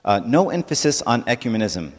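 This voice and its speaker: A man's voice: lowish voice, moderate pace. Man giving a talk in a church hall. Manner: conversational, asks the audience "right?" often. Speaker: church speaker.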